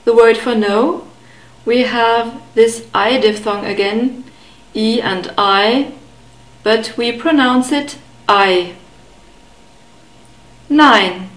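A woman teaching German pronunciation to beginners, patiently repeating each word slowly and clearly. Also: a little high, echoey room, poor audio. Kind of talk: slow, careful pronunciation lesson.

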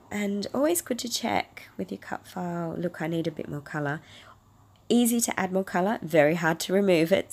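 A low-pitched woman talks through a crafting tutorial. Her voice is raspy and gravelly from a cold. She chats warmly and gushes over each colour she uses. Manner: chatty, gushing over colours. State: hoarse from a cold. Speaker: craft video host.

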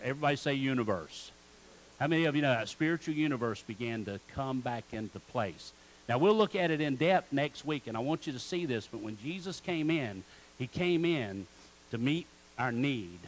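A man's voice: medium pitch, a little hiss or hum, rough recording. A man preaching a sermon in church as pastor, calling on the congregation to repeat words back. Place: church sanctuary.

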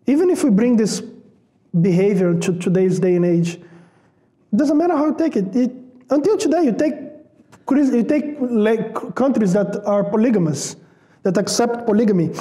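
A man with a very high, mellow voice preaches a sermon in an easy, conversational manner. He repeats words for emphasis and asks the congregation rhetorical questions. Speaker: pastor.

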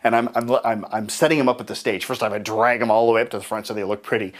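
A man giving a live seminar talk, telling stories and acting out both sides of conversations in a raised, lively voice. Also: rapid-fire. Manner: animated storyteller acting out dialogue in higher voices. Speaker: seminar speaker and trainer.

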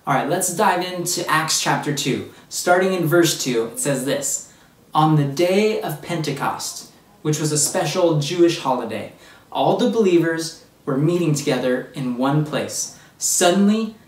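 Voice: medium pitch, expressive, a little slow. A children's ministry teacher giving an upbeat Bible lesson for kids and speaking straight to the children. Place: church room. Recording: roomy echo, distant from the mic.

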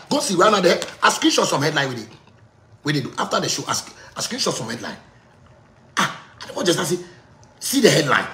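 Ghanaian man ranting with a bright, sharp tone in an echoey room. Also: on the high side. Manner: ranting, repetitive, bursts of shouting. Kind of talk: heated monologue in pidgin.

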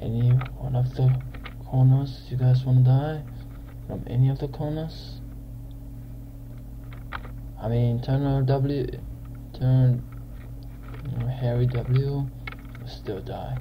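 A young man giving casual gameplay commentary as a channel host, excitable and quick to yell in frustration at other players. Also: medium pitch, lo-fi sound, noisy background.

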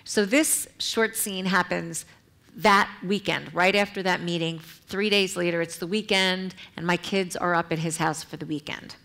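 Lower-voiced middle-aged woman reading her memoir. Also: steady tone, vocal fry, fairly bright tone. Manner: measured, earnest reading with brief asides to the audience. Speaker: author. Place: public library event.

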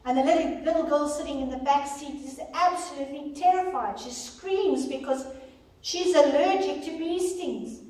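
Woman Bible study leader, high voice, earnest and expressive, very echoey hall, distant mic. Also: normal speed. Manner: earnest, expressive storytelling with emphatic reading. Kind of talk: teaching a ladies' Bible study. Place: large church hall.

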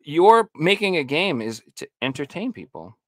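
A man's voice: on the high side, very animated, moderate pace, fairly bright tone, dry recording. A man ranting emphatically and with plenty of swearing in a casual podcast chat. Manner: emphatic, profane, heated ranting. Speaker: podcast co-host.

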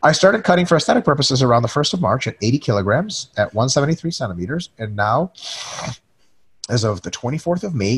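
This co-host has a husky, mid-range voice. He jokes around in a webinar, swearing freely, chatting casually and reading out questions from viewers.

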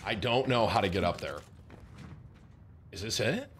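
A man's voice: lowish voice, expressive, measured pace, a bit bright, slight background noise. A man streaming a shooter game with friends, swearing and trading sarcastic trash talk. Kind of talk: casual gaming chat.

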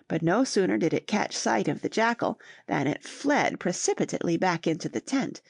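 A woman narrates a classic novel as an audiobook, reading at a steady, even pace. Her voice has a gravelly edge. The sound is close and dry. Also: mid-range voice, no room sound.

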